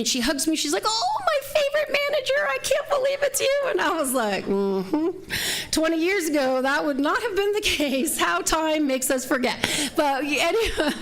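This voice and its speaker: A woman minister giving a conversational sermon that mixes a personal story with a closing prayer, laughing now and then. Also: fairly high pitch. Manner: warm, conversational, laughs often. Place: church sanctuary.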